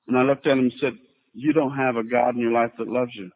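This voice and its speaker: A man's voice: mid-range voice, fairly even intonation, fast talker, narrow, tinny audio. A middle-aged man speaking at a recovery convention, plain-spoken and storytelling with casual fillers, on an old 1989 tape. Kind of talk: personal recovery talk.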